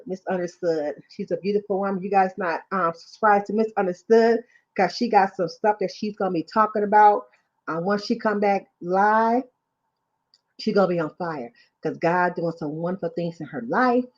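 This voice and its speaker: A woman's voice: medium pitch, moderate pace, darkish tone. A woman hosting a livestream, giving casual faith talk and often asking "you know what I'm saying". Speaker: livestream host. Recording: dull lo-fi sound.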